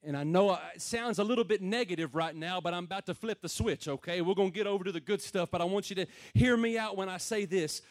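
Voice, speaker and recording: A man preaching to a room of men in a notably high voice. He talks plain and folksy, swinging from loud, emphatic calls down to quiet, low murmurs. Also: fast, few pauses. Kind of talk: sermon to a men's gathering.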